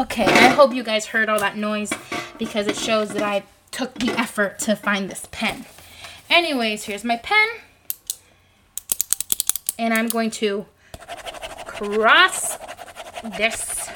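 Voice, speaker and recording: A young woman talking through a casual solo podcast. She rambles in an animated way and fills her talk with "like" and "um." Her voice sits fairly high. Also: slow pace, long pauses, noisy background. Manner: rambling, animated, lots of fillers. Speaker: podcast host.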